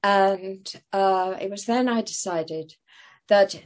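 A woman's voice: medium pitch, slow pace. An older woman telling stories as an interview guest, hesitant, with many fillers and restarts. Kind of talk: casual interview storytelling.

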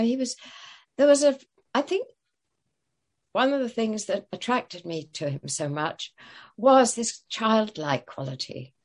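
A woman's voice: lowish voice, darkish tone. An older woman telling stories as an interview guest, hesitant, with many fillers and restarts. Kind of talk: casual interview storytelling.

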